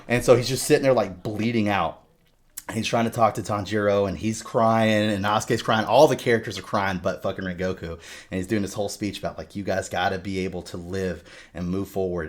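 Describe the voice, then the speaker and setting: A man hosting a casual podcast chat, retelling a movie with animated, sweary storytelling. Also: deep voice, quick pace. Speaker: podcast host.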